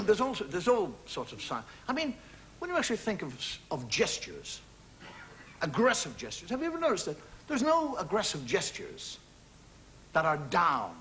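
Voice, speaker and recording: A male stand-up comedian in a TV studio delivers a confiding monologue to a live audience, his high, slightly bright voice swooping wildly in pitch at a moderate pace. He makes conversational asides and acts out little scenes with mimed sounds, on a noisy old television recording with audience laughter.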